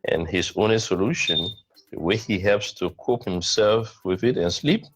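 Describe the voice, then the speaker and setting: A man's voice: on the low side, moderate pace, breathy edge, rough recording. A man giving blunt, scathing political commentary on a radio talk show.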